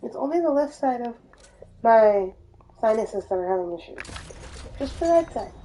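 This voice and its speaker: A woman's voice: a little high, animated, normal speed, dark tone, poor audio. A woman streamer in casual let's-play chat, rambling and chatty with lots of "like".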